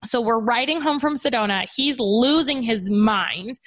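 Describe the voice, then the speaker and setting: A woman's voice: on the high side, a little slow, fairly bright tone, no echo. A woman in her thirties co-hosting a casual podcast, telling stories animatedly and acting out her child's voice. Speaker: podcast co-host. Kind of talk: casual chat.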